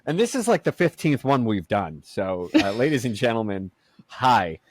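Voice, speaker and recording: A man's voice: lowish voice, very animated, moderate pace, no room sound. Man, podcast co-host, casual, self-deprecating jokes, dead-dry recording. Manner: joking, self-mocking, laughs often. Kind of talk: casual chat.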